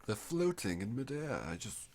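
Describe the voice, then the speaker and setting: Quiet man playing a tabletop character. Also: medium pitch, very animated, moderate pace. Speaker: player. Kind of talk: tabletop game role-play.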